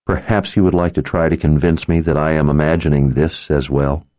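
A man's voice: very deep voice, fairly even intonation, brisk, dark tone, no echo, clean studio sound. A man voicing a grim, determined hero who speaks firmly in an audiobook. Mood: grim, resolute. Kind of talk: audiobook character voice.

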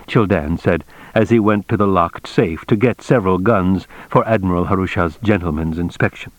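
A man narrating an audiobook in a measured, even storytelling manner. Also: deep voice, no echo, lo-fi sound. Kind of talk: scripted narration.

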